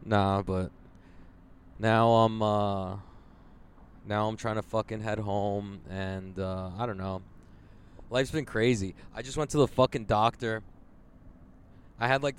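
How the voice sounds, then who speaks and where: A young man hosting a casual podcast from his car, rambling and jokey with lots of swearing. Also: fairly low pitch. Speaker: podcast host. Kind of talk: casual solo podcast while driving. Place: inside a car in traffic. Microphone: large podcast microphone with headphones. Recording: in a car with road noise behind.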